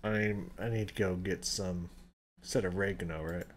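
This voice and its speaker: A man giving casual reaction commentary, ranting and swearing, swinging between loud outbursts and low muttering, his voice strained. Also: fairly even intonation, normal speed, a little hiss or hum. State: voice strained, recovering. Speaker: video reactor.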